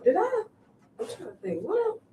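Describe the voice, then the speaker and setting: Woman, co-host, casual chat, animated pitch, distant mic, echoey room. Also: moderate pace, a little hiss or hum. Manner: chatty, trails off and restarts, asks many questions. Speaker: podcast co-host.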